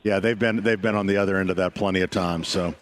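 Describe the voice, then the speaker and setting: A man's voice: low-pitched, steady tone, fast talker. A man co-hosting a radio show from the studio, bantering casually with wry, joking comebacks. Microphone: studio microphone.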